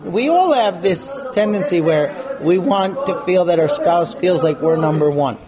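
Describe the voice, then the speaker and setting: Animated man lecturing a live class. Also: high voice, a little slow, a crowd in the background. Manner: animated, acts out quoted couples. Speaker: marriage class teacher. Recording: live room with audience noise.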